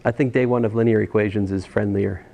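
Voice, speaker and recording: A man's voice: on the low side, fairly even intonation, fast talker, creaky, mellow, a little hiss or hum. A man teaching a college algebra class in a casual, rambling way, restarting phrases and making jokey asides. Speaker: math instructor. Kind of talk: classroom lecture.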